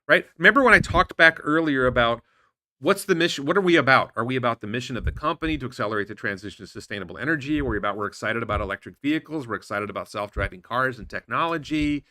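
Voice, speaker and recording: A man hosting a stock market commentary show, reacting indignantly to posts in a rambling, animated way with frequent restarts. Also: medium pitch, fast, no room sound. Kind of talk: casual commentary reading posts aloud.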